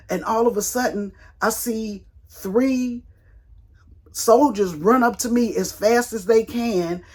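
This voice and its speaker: An older woman vlogging, telling a long story in a colloquial, animated way and acting out the people in it. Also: medium pitch, husky. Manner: colloquial, rambling with restarts. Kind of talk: casual storytelling vlog.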